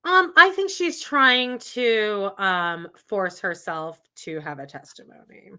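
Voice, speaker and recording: Woman podcast co-host, bright tone, hesitant, mocking put-on quotes. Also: medium pitch, slow pace, smooth. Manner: hesitant, full of ums, and mocks others with put-on quotes. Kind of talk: casual chat.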